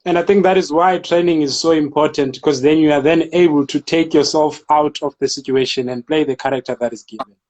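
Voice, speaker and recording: A man's voice: a little high, fairly quick, few pauses, darkish tone. A man hosting an interview, mostly giving short affirming replies. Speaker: interview host. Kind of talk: casual chat.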